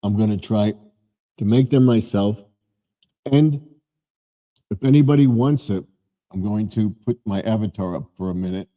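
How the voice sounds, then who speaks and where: A man's voice: fairly low pitch, moderate pace, long pauses, warm tone. A man in his seventies hosting a live stream, chatting casually in a rambling way and often correcting himself.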